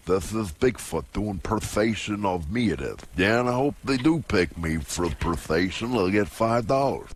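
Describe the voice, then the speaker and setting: A man impersonating a crude, dim older man who talks in slow, halting mumbles. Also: fairly low pitch, lively intonation, slight background noise, close to an everyday voice. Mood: mumbling.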